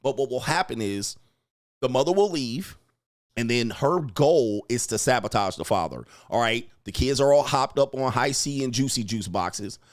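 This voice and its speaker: A man hosting casual commentary in a blunt, profane way, slipping into other voices to act out quotes. His voice sits at an ordinary pitch for a man. The sound is close and dry, with no room around it. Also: animated, normal speed, no room sound. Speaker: relationship commentator and host. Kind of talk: casual commentary reacting to clips.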